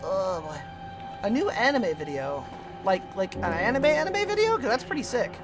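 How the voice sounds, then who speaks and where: A woman streams a video game and chats with her viewers as she plays. She talks casually and swears freely. Loud game music plays under her voice. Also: mid-range voice, big pitch swings, normal speed. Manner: chatty, swears freely, talks to chat while playing.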